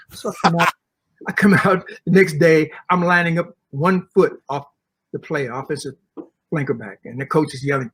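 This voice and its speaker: An older man with a slightly husky, higher-pitched voice tells stories with relish, acting out the people he quotes. He sounds like an interview guest at a convention. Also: brisk. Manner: animated storyteller acting out quotes. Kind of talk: storytelling interview. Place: comic convention.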